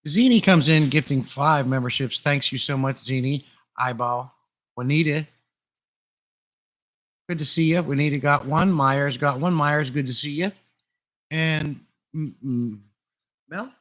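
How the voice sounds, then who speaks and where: A man's voice: fairly high pitch, unhurried, long pauses. Chatty man on a live stream. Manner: chatty, relaxed, greets viewers by name. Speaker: livestream host. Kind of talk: casual live-stream chat. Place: room full of glass fish tanks. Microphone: desktop USB condenser mic.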